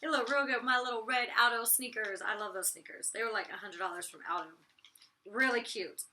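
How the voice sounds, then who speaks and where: A young woman with a raspy voice and a very sharp, tense tone, pitched a little high. She talks in a chatty, blunt vlog style, slangy and loose with mild cursing. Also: brisk. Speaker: reality TV personality reviewing her episode. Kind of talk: casual vlog commentary.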